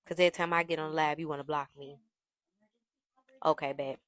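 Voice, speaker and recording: A young adult woman telling a story in a brash, profane, animated gossip style. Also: low-pitched, fairly quick, no echo. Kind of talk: casual storytime monologue.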